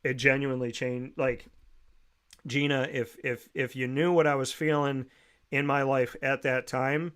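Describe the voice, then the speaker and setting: Earnest male host with a smooth voice. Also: mid-range voice, little pitch movement, unhurried, a bit bright. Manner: earnest and reflective, with many restarts. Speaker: podcast host. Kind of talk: casual interview, personal storytelling.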